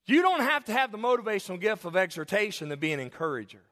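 A man's voice: high-pitched, big pitch swings, fast, a bit bright, in a large hall. A man preaching a sermon as pastor, emphatic with call-and-response and jokes, in a church sanctuary.

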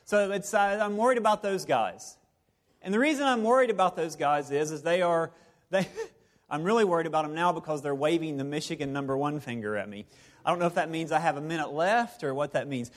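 A man with a high voice preaching a sermon to his congregation. He talks in a playful, conversational way and keeps circling back to the same phrases. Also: expressive, brisk. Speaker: pastor. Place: church service before a live congregation.

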